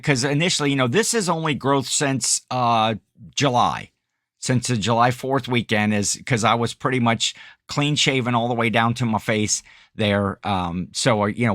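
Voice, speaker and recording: A man's voice: medium pitch, fairly bright tone, dry recording, studio quality. A middle-aged man co-hosting a podcast in casual chat, rambling, self-correcting and laughing often. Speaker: podcast co-host.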